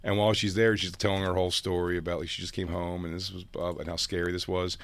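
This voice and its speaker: A man's voice: low-pitched, quick pace. A man co-hosting a casual comedy talk show, telling stories and acting out the people in them. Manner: animated storyteller, acts out quotes. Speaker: podcast host.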